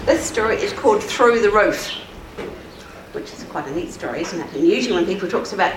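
Animated woman telling a children's story. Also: medium pitch, a little fast. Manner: animated, expressive, asking the children questions. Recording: roomy, distant mic, faint noise.

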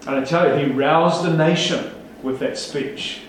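Emphatic preacher in an echoey hall. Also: male voice, on the high side, steady tone, a little slow, hardly any pauses, slight background noise. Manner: emphatic, rhetorical questions, rousing. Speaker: pastor. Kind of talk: sermon. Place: large church hall. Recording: echoey hall, speaker far from mic.

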